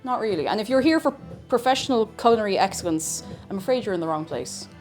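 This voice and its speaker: Lively chatty woman streaming. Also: medium pitch, fast. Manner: chatty, rambling and self-mocking, greets viewers. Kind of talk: casual baking livestream chat. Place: home kitchen. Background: faint music.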